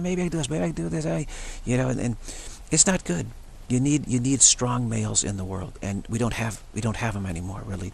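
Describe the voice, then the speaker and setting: A man's voice: fairly low pitch, gravelly, a little hiss or hum. A man talking in an unscripted, rambling monologue, often restarting and repeating words. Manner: acts out short quoted voices of others. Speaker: spiritual channel host.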